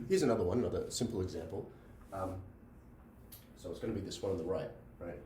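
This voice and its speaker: A male lecturer explains logic to a class, circling back and asking "right?" as he goes. His voice sits a little low and mellow. It is picked up from some distance in an echoey room with a faint hum of ambience. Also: fairly quick. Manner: repeats himself, checks in with "right?". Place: classroom with a board.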